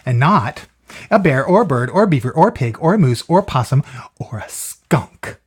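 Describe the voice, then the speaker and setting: Brief: reader putting on a restless young boy bunny, storybook, drawn-out high shouts, lively swoops. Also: breathy edge. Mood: whiny, wishful. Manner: drawn-out, rising shouts on the final animal name. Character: restless young male bunny who keeps switching animals.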